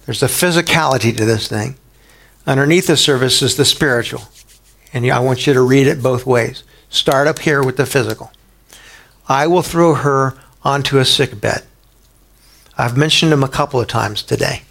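A man preaching a sermon in a conversational way, asking the listeners rhetorical questions and rising sharply in pitch for emphasis. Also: a little fast, creaky, fairly bright tone. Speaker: pastor.

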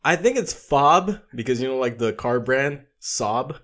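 A young man co-hosting a podcast, chatting in a relaxed way and laughing easily. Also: mid-range voice, a little slow. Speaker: podcast co-host. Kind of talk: casual sports chat.

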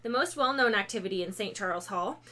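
Talking fast, this woman with an average-pitched voice hosts an easygoing podcast where she reads ghost stories aloud. Her reading is full of stumbles, self-corrections, and ums, with pauses to laugh and crack jokes.

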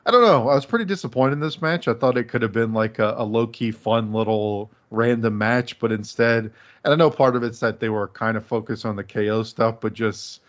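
A man's voice: medium pitch, a little fast, dull audio. A man casually chatting as a podcast co-host, rambling with frequent laughs and fillers. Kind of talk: casual chat reviewing wrestling.

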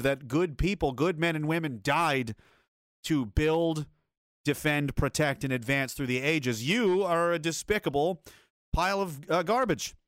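A man's voice: on the high side, a bit bright, no echo, studio quality. A man hosting a video commentary, ranting in an angry, blunt and profane way. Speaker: commentary host.

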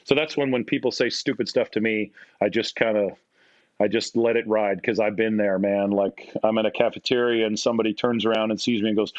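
A Canadian man in his forties, guesting on a podcast, tells casual anecdotes in a fairly low, steady voice at a fairly quick pace. He pokes fun at himself and performs the voices of people he quotes. The recording is dry and slightly muffled, with no room sound.

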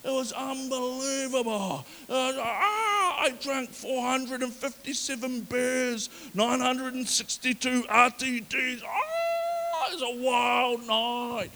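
A man's voice: extremely high pitch, sing-song, creaky, bright, forceful tone, in a large hall, slight background noise, full character voice. A man playing a crude, boastful golfer bragging about a wild night out. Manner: bragging, drawn-out.

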